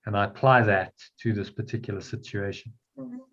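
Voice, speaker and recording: Lo-fi deep-voiced man leading a study group. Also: huge pitch swings, fairly quick, fairly bright tone. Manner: explains patiently, often repeating words. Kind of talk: guiding a spiritual text discussion. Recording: dull lo-fi sound.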